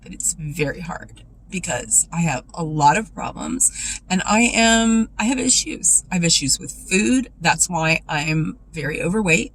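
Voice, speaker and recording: A woman vlogger speaking in a raw, emotional personal monologue, confessional and tearful, her voice dropping low when upset. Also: animated, unhurried, a bit bright, slight background noise, poor audio.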